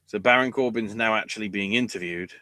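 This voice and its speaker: A man's voice: fairly low pitch, brisk, bright, forceful tone, dry recording, clean studio sound. Sweary man on a podcast. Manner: sweary, sarcastic, acts out quotes in bursts. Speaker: wrestling podcast host. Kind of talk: casual podcast chat.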